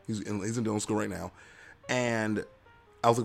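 Young male podcast host with a lowish, gravelly voice. Rambling, self-deprecating and playful. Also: fast, soft background music. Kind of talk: casual solo podcast chat.

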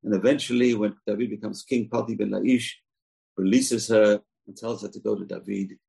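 Torah teacher guy, chatty and rambling, gravelly husky voice. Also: lowish voice, fairly even intonation, normal speed, warm tone, poor audio. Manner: chatty and digressive, with asides. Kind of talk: casual scripture lesson.

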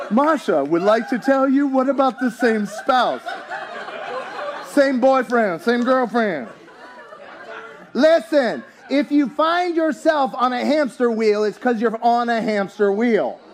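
A man preaching a sermon in a church, animated and joking, rising to shouts at his peaks. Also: very high-pitched, takes it slowly, some chatter behind. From US, town near country. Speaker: pastor.

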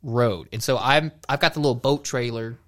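A man's voice: mid-range voice, moderate pace. A man co-hosting a podcast, telling a story in casual chat and laughing often as he goes. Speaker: podcast co-host.

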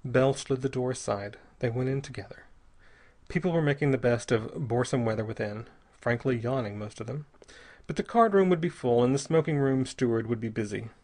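An audiobook narrator with a mid-range voice reads a scripted adventure story in a measured, steady way.

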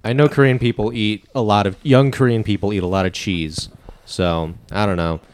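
A man on a comedy podcast cracks deadpan jokes in a low voice. His banter stays dry and offhand. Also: normal speed. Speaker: comedian guest. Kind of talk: casual comedians' chat.

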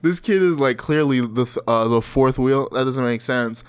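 A man's voice: mid-range voice, flat delivery, moderate pace, clear, resonant tone. A man in his twenties chatting casually, telling stories in a laid-back way, swearing freely and laughing often. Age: 20s. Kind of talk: casual chat.

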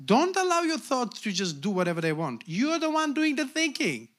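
A middle-aged pastor preaches at a normal speed with huge pitch swings, emphatically calling out to the congregation. His voice ranges from low asides to shouting.

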